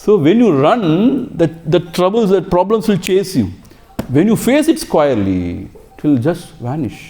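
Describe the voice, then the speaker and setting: A man teaching scripture in Indian English, with a somewhat high pitch and a warm, mellow tone. He lectures with emphatic exhortations and rhetorical questions. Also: sing-song, moderate pace. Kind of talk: spiritual lecture.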